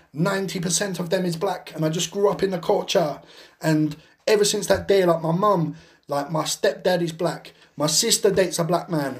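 A man's voice: high-pitched, close to an everyday voice. A man putting on a mock Jamaican accent to play a brash young man who boasts in a swaggering, laid-back way.

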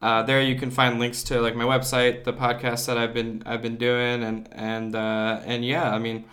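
A man's voice: mid-range voice, completely flat delivery, moderate pace, a bit bright. A man guest on a podcast, playful and teasing in casual chat.

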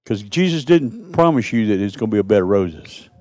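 A man preaching a sermon as pastor, climbing to loud passionate cries and then dropping to a soft, hushed plea. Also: fairly low pitch, animated, fairly quick, no room sound, poor audio.

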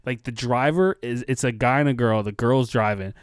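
A young man on a podcast, casually telling a profane, animated story and acting out the people in it. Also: mid-range voice, normal speed, clean tone, no room sound, studio quality. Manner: profane, animated retelling with quoted voices. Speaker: podcast co-host.

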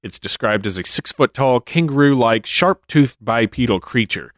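A man's voice: medium pitch, expressive, normal speed, fairly bright tone, no echo. A man co-hosting a casual podcast, reading sighting reports with dry joking asides. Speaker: podcast co-host.

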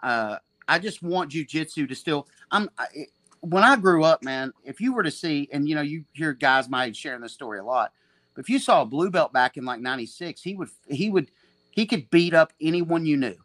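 A man's voice: fairly high pitch, animated, a little fast, fairly bright tone, no echo. Rambling, profane man telling stories. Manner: rambling, profane, frequent restarts and laughter. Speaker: podcast guest, jiu-jitsu black belt and gym owner. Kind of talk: casual storytelling chat.

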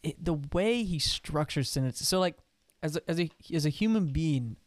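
Man, halting podcast co-host, slightly high pitch, dry sound. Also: lively intonation, dry recording. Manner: halting, repeats words while explaining. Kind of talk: casual film discussion.

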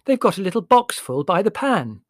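A man reading aloud voices an outspoken, indignant young woman in a storybook, with a clear, penetrating voice. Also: on the high side, very animated, fairly quick, no echo, clean studio sound, voice pushed up, heavily acted. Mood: blunt.

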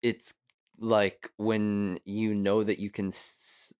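A man's voice: lowish voice, little pitch movement, takes it slowly, darkish tone, smooth. A young man co-hosting a casual podcast chat, rambling, laughing often and trailing off mid-thought. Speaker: podcast co-host.

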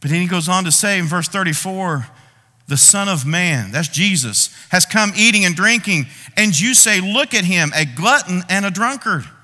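A man preaching a sermon, acting out people's complaints to God with dramatic pauses. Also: high voice, lively intonation, pushed and bright. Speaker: pastor. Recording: long reverb of a large hall.

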